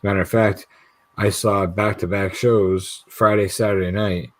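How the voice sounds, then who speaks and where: A man's voice: fairly low pitch, flat delivery, a little slow, slight background noise. A man co-hosting a casual livestream chat, telling stories with plenty of swearing and acting out the voices of people he quotes. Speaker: livestream co-host.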